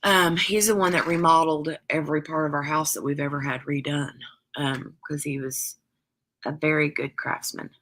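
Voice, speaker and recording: A woman's voice: deep voice, steady tone, moderate pace, fairly bright tone. A woman hosting a craft live stream, chatting casually with viewers in a rambling way full of "like" and "um".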